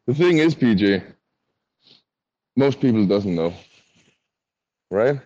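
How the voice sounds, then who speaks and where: A man's voice: mid-range voice, expressive, slow, warm tone. A man on a casual podcast, laid-back and self-mocking, with slightly grammar. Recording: dull lo-fi podcast audio.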